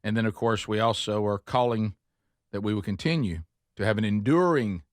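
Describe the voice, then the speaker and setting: A man hosting a casual morning radio show, folksy and halting, often repeating words. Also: on the low side, dry recording, clean studio sound.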